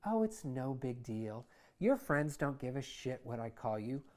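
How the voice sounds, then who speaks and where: A man's voice: big pitch swings, measured pace, a little mellow. A man doing a breezy hippie mother. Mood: dismissive. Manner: coaxing, offhand, belts out shrill long calls.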